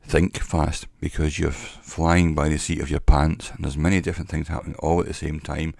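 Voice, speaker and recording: Man, very low gravelly voice, slow wry storytelling, dry close sound. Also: flat delivery, a little mellow, dry recording. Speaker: vlogger; former salesman. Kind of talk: casual monologue to camera. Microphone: cheap microphone.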